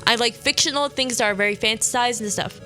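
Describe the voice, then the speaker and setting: Young woman, radio host, slightly high voice, bright tone, rambling casual storytelling, sniffly, faint music behind. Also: quick pace. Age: young adult. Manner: chatty, rambling, self-correcting, many "like"s.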